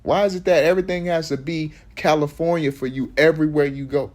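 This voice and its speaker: A man's voice: a little high, fairly even intonation, fairly quick, a little mellow. A man, preaching in loose street talk that rambles, restarts often and hits points with emphasis.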